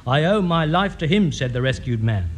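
A man playing a gruff neighbour who reads the paper aloud and mocks the radio ham, in an old comedy broadcast. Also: fairly high pitch, animated, moderate pace, slight background noise, lightly acted. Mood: mocking.

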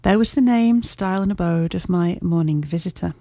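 A woman narrates a classic tale in the first person, her reading measured and clear. Her voice is mellow and dark-toned. The recording is dry and close, with no room around it. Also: lowish voice, no echo. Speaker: audiobook narrator.

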